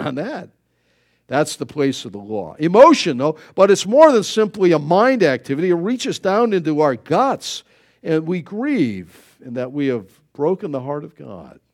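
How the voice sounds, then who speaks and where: A man preaching a sermon as pastor, swinging between loud emphasis and quiet asides. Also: a little high.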